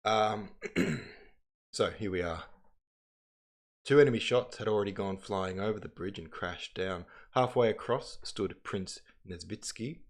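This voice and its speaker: A man's voice: on the low side, measured pace. A man hosting a livestream, chatting in a rambling way and reading passages aloud. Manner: rambling, chatty, self-interrupting. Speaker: livestream host.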